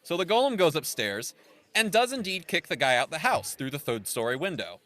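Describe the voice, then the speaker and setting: Co-hosting a podcast, a man with a slightly high voice talks briskly and casually through a movie's story. His recap is animated, complete with acted-out quotes from the characters.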